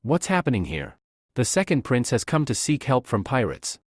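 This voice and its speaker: A man's voice: medium pitch, big pitch swings, normal speed, dry recording. Cocky pirate captain , guy reading it plain, dry close sound. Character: cocky pirate leader, adult man.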